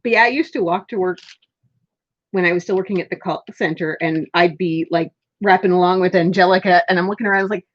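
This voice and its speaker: A woman's voice: lowish voice, fast talker, no echo. Chatty woman streamer, dull lo-fi audio. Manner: chatty, laughs often. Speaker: crafting live streamer. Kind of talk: casual live stream chat.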